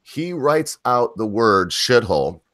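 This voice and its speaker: A man co-hosting a casual chat show, talking in a rambling, animated way that keeps interrupting itself. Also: medium pitch, takes it slowly, dry recording, studio quality. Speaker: co-host.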